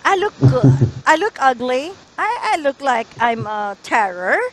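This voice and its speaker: A woman's voice: high voice, big pitch swings, unhurried, slight background noise, rough recording. A woman teaching an English lesson over a video call, encouraging and correcting pronunciation.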